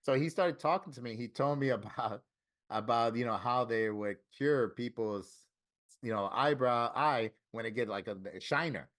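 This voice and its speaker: Middle-aged man from Florida, mid-pitched voice, tattoo-artist guest, spins stories in a relaxed way and voices the people he quotes. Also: normal speed. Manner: lively storyteller who acts out quoted dialogue. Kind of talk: casual storytelling interview.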